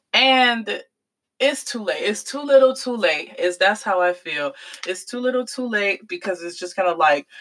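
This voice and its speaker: A woman hosts her own commentary podcast and talks straight through on her own. She is emphatic and slangy, leaning hard on repeats and breaking into disbelieving laughs. Her voice sits at a middling pitch. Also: a bit bright, poor audio. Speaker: podcast host.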